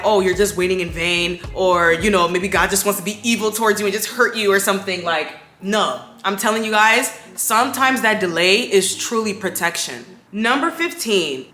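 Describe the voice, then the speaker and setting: Bright, animated young woman in a roomy space. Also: mid-range voice. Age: 20s. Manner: animated, emphatic, preachy motivational. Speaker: beauty vlogger. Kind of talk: casual chat while doing makeup. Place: home room at night.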